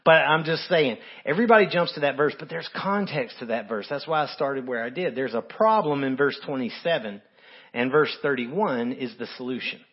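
A man preaching a sermon, emphatic, his voice climbing high and loud as he quotes scripture. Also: normal speed, husky, highs cut off. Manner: emphatic, rises sharply when quoting scripture. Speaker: pastor.

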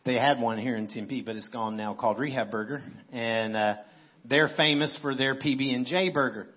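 A man's voice: mid-range voice, normal speed, highs cut off. A man preaching a sermon in a church on a microphone, talking in a conversational way with playful storytelling asides. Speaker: pastor. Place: church sanctuary. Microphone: handheld microphone.

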